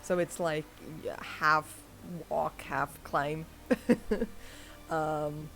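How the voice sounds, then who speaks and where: Woman game master for a casual streamed tabletop game; unhurried and halting, laughs a lot. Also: sits low, flat delivery, vocal fry, bright, forceful tone. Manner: slow, hesitant, giggly.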